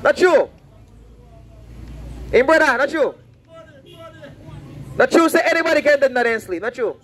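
A man's voice: extremely high pitch, lively intonation, normal speed, a bit bright, slight background noise, low-quality recording. A man preaching outdoors on a roadside, fervent and repetitive, warning and pleading with passersby. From Saint Vincent. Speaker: street preacher. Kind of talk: open-air preaching.

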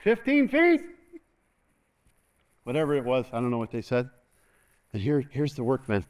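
A man preaching an energetic sermon as pastor in a church, calling for responses and laughing often. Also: medium pitch, fairly quick.

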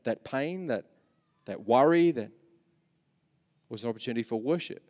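Lively Australian man preaching in a hall. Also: medium pitch, moderate pace. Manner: animated preaching, swinging from soft to loud with repetitions. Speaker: pastor. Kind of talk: sermon. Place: large church hall. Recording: long reverb of a church hall.

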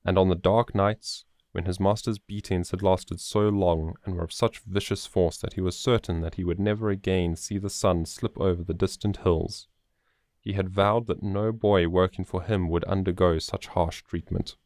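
A man narrates a storybook in a measured, steady manner. His voice sits on the low side and is recorded dry and close, with no room sound. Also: no room sound. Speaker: audiobook narrator.

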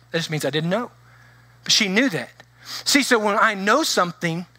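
A middle-aged man preaching a sermon as pastor, telling stories in an animated way and acting out the voices of the people in them. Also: high voice, no room sound. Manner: animated storytelling with acted-out voices.

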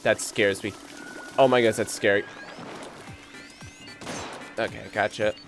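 A man commentating his own gameplay on a live stream, excitable and rambling, easily spooked by the game, with game music behind him. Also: on the low side, slow, gravelly. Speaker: gaming streamer.

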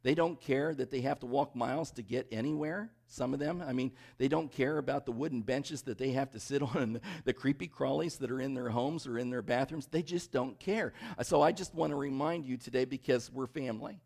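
A man's voice: medium pitch, fairly quick, vocal fry, hardly any pauses, a little mellow. A middle-aged man, a pastor, preaching a sermon in a conversational, storytelling way and often checking in with the congregation. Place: church worship service.

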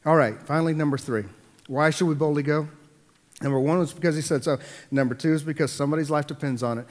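Animated pastor preaching in a reverberant hall. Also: male voice, on the high side, fast talker. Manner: animated, repeats words when building a point. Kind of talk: sermon.

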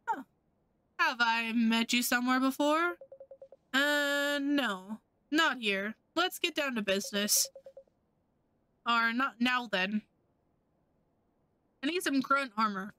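A woman voicing a cocky young male thief in a game, hushed and brusque. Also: high-pitched, expressive, slow, pauses often, clear, resonant tone, heavily acted. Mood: scheming.

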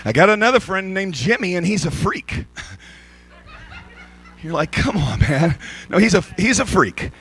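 A male pastor preaching an energetic, joking sermon at a church service. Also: high-pitched, measured pace, pauses often, a little hiss or hum.

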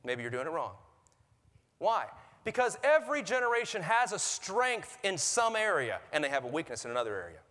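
Animated preaching man in echoey church. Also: mid-range voice. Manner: animated preaching, acts out quoted voices, laughs at own jokes. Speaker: pastor. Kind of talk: sermon. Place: church sanctuary. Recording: reverberant church hall.

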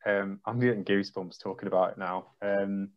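A man's voice: lowish voice, fairly even intonation, normal speed. A man, a trampoline coach, telling an emotional story on a video call and acting out his own reactions. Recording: dull lo-fi video call audio.

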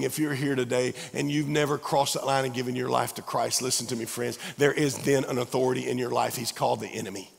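Hoarse preacher guy, gravelly worn-out voice, begging folks to come forward, big reverby church. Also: medium pitch, a bit bright. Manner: earnest, pleading, repeats "man". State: hoarse, losing his voice. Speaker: pastor. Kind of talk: sermon altar call. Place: large church sanctuary. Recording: long reverb of a large church.

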